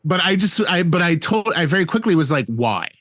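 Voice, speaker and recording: Profane, animated man telling a story. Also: sits high, fast, no echo. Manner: profane, animated, rambling with restarts. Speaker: guest storyboard artist. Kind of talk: casual storytelling interview.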